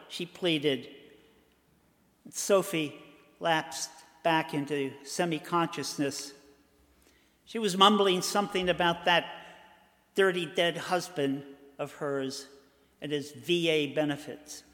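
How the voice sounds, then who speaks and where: An older man from Boston telling a personal story in a measured way, with dramatic pauses. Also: a little high, steady tone, a bit bright. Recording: long hall reverb.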